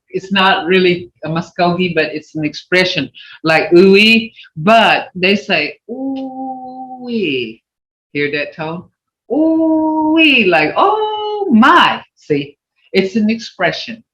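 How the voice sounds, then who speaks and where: An older woman teaching a language class over a video call, animated and acting out expressions with big swoops in her voice. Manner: animated, acts out expressions with sweeping pitch. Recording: dull, roomy video call audio.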